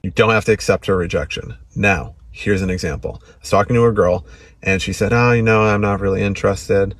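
Cocky male dating coach, husky low voice, swears freely. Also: brisk, dry recording. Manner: brash, swears casually, acts out his own lines. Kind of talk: instructional monologue to camera.

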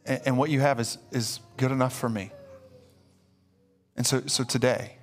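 A man's voice: mid-range voice, moderate pace. A man preaching a sermon as pastor, emphatic and repeating himself as he builds. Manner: emphatic, repeats words when excited. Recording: live church stream with faint music.

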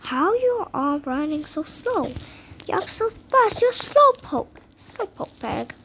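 A woman's voice: extremely high pitch, big pitch swings, takes it slowly, a bit bright, slight background noise. A woman with a sound giving jittery, dramatic commentary while playing a game, dropping to whispers and jumping to squeals. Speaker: gamer playing a horror escape game. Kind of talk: casual gameplay commentary.

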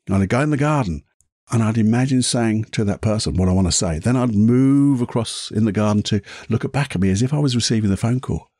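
Husky man telling stories casually. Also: lowish voice, a little mellow, no room sound, clean studio sound. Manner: chatty, laughs at his own stories. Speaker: podcast host. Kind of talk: casual storytelling monologue.

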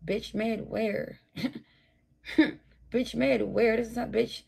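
A woman's voice: a little high, fairly even intonation, very slow, creaky, darkish tone, slightly rough. A tired woman ranting profanely and combatively at her viewers during a late-night livestream. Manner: profane, combative, talks straight at her chat. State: tired, burnt out.

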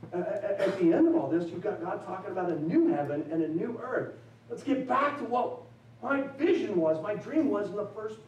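A man preaching a chapel sermon in a somewhat high voice. He talks loosely and conversationally, then climbs into slow, emphatic build-ups. The sound is roomy and picked up from a distance. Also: darkish tone, dull audio, a little hiss or hum. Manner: loose and self-deprecating, with fillers and restarts. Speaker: chapel speaker. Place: college chapel. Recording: echoey chapel, mic at a distance.

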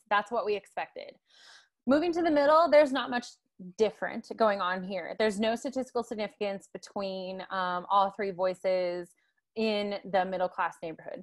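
A woman gives a guest lecture over a video call. She explains things in a loose, conversational way and checks in with tag questions. Her fillers come often. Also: mid-range voice. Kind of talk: online lecture.

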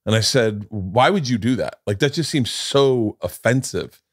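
A man's voice: mid-range voice, expressive, measured pace, husky, no room sound. Middle-aged male podcast host, storyteller, profane, does quoted voices, dry close sound. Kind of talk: casual chat.

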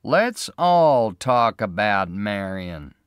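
A man voicing a hard private detective who speaks in a flat, unfriendly and deliberate way. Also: mid-range voice, smooth, no room sound, clean studio sound, pitched above the performer's own voice.

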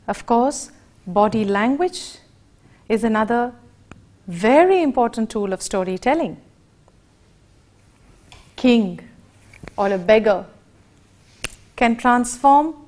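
A woman with an Indian English accent giving an educational lecture, speaking in a deliberate, expressive teaching manner. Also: on the high side.

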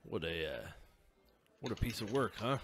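A man plays a tabletop game and talks casually. His voice sits low. He drops dry, sarcastic remarks between his moves. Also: sing-song, normal speed, fairly bright tone, a little hiss or hum. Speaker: player.

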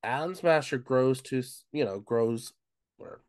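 A man's voice: mid-range voice, a little slow, a little mellow, clear, resonant tone, dry recording, studio quality. A man co-hosting a book club podcast, casually recapping the plot, leaning on "um" and "of course" as he goes. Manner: retells plot with frequent "um" and "of course".

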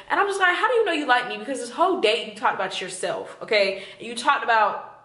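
A woman in her twenties tells a storytime straight to camera in a bright, forward voice. She is animated and talks directly to her viewers. The room around her is echoey. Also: a little high, fast. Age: 20s. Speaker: vlogger. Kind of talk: storytime vlog.

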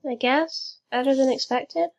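A woman's voice: high voice, measured pace, gravelly. A woman playing a tabletop role-playing game, speaking in a dry, understated way. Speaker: player.

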